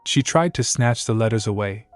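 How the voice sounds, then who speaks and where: A man's voice: lively intonation, moderate pace, no room sound, faint music behind. A man narrating a story recap in scripted style, raising his voice a little for the characters' lines. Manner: reads every part in one voice, lifting pitch for dialogue.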